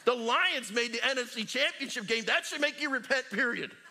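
A middle-aged male pastor preaching a sermon in a church, joking with the congregation and swinging from loud calls to near whispers. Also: extremely high pitch, brisk, vocal fry. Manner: animated, joking preacher with big swings in loudness. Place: church sanctuary.

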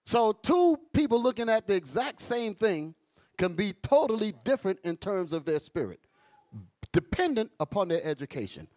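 A man with preaches a sermon as bishop, joking and animated. His voice sits fairly high and swings widely from low asides to soaring lines. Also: normal speed. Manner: animated, joking, street talk.

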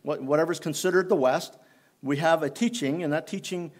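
A man preaching a sermon in church, unhurried and halting, often restarting his phrases. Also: fairly high pitch. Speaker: pastor.

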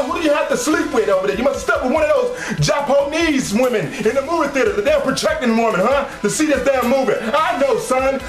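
A blustering wrestling tough guy, put on by a man barks and drawls his threats in a strained, very high voice. He stretches his words slowly for menace, then erupts into shouts. The sound bounces around an echoey room. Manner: shouting, drawn-out menacing delivery. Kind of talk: mock wrestling promo.

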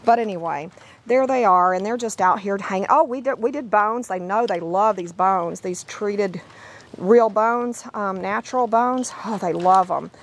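A woman with a hoarse voice from laryngitis, rambling in a casual vlog and slipping into sing-song baby talk with her puppies in an outdoor yard. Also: mid-range voice, measured pace. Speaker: dog breeder.

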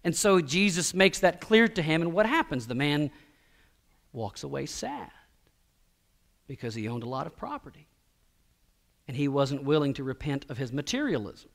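Male pastor, middle-aged, high voice, chatty sermon delivery with stammered restarts. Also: big pitch swings, moderate pace, vocal fry, long pauses. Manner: conversational preaching with stammered restarts and quoted voices.

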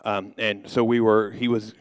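Male pastor, middle-aged, storytelling sermon, humorous and rambling, smooth clear voice, dry close sound. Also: on the low side, level tone, normal speed, dry recording. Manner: humorous, anecdotal, loose with fillers.

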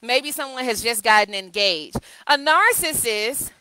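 A woman's voice: fairly high pitch, lively intonation, a little slow, bright, forceful tone, a little hiss or hum, low-quality recording. A woman coach talking live to her viewers, telling candid stories and repeating key phrases for emphasis. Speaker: communication coach. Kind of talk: live video talk.

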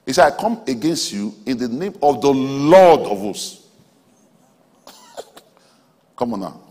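A man preaching a sermon in a large auditorium, emphatic, swinging between soft asides and loud exhortation. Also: medium pitch, big pitch swings, slow. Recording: hall reverb from a large auditorium.

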